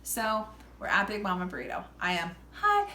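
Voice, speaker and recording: A young woman telling a story in a casual chat, loud and animated, swearing freely and acting out the people she quotes. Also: medium pitch, normal speed. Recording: echoey room, faint background hum.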